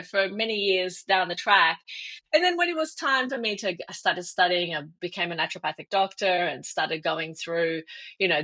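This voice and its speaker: A middle-aged woman, a guest expert, telling a personal story in an interview and acting out the dialogue. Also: on the low side. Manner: animated, acts out quoted dialogue with laughs.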